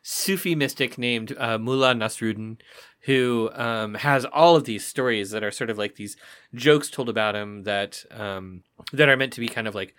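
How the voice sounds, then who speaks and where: A man's voice: mid-range voice, normal speed, fairly bright tone, smooth. Podcast co-host, man, laid-back storyteller, acts out his jokes. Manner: storytelling with acted-out character voices. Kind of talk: casual chat, telling jokes.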